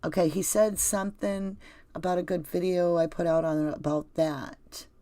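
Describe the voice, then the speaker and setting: Here a channel host with a Southern US accent reads her live chat and rambles conversationally to the people watching. Her lowish, dark voice keeps a steady tone at normal speed, and there's no echo.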